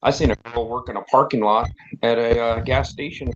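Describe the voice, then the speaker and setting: A man's voice: medium pitch, fairly even intonation, brisk, soft background music. A man hosting a casual talk show, telling rambling anecdotes and acting out the people in them. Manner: rambling storyteller who acts out quoted dialogue. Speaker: podcast host. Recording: dull lo-fi audio with faint noise.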